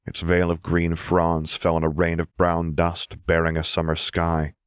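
A man reading story narration in a steady, measured voice. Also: low-pitched, smooth, dry recording, studio quality. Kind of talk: scripted narration of fan fiction.

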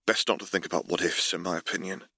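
A man voicing a dry-humored young man in an audiobook, soft-spoken and wry. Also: deep voice, steady tone, quick pace, breathy edge, no room sound, full character voice. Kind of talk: audiobook character reading.

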